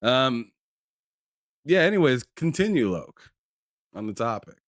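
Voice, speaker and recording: A man's voice: mid-range voice, big pitch swings, unhurried, no echo, studio quality. A man co-hosting a gaming podcast in a laid-back, casual chat. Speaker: podcast co-host.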